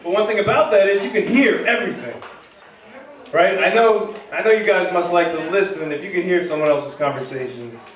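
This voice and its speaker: A man hosts a live comedy night from a bar stage, telling stories in a loose, rambling way. His voice sits fairly high. The sound is very echoey and comes from a distant mic. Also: brisk. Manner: casual rambling storytelling. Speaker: stand-up comedian and host. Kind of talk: stand-up comedy. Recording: echoey room from far off.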